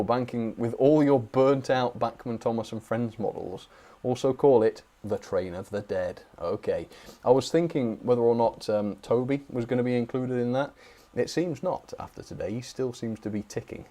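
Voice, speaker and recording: A man's voice: mid-range voice, dark tone. A man hosting a live stream, chatting in a friendly way as he reads out viewers' requests and thanks them by name. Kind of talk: reading out viewer chat requests.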